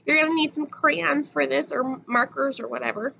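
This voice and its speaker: Woman, high bright voice, slow patient phonics lesson, sing-song, slightly dull recording. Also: fairly even intonation, vocal fry, slight background noise. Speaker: teacher.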